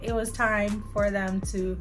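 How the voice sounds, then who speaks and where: A young adult woman vlogger telling a personal story to her viewers in an animated, chatty way. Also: mid-range voice, measured pace, soft background music. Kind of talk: casual storytelling to camera.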